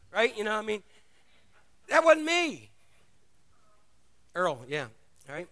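A middle-aged man preaching a sermon, telling stories in an animated, casual way. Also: high voice, slow. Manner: animated storytelling, casual asides. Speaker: pastor.

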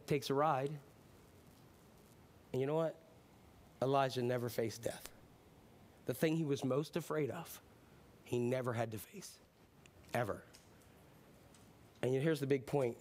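Male pastor preaching a relaxed, chatty sermon, with ums, rising to loud lines and dropping to near-quiet asides. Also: medium pitch. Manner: swings between loud preaching and soft hushed asides; casual and chatty, with frequent ums.

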